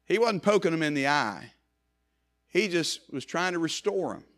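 A man preaches a passionate sermon in an animated way at a normal speed, surging to loud emphasis and then sinking into hushed, low passages. He repeats phrases for effect.

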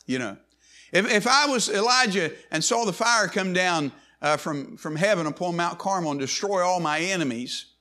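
A man's voice: high-pitched, pushed and bright. A man preaching a sermon in an emphatic way, often restarting and repeating words.

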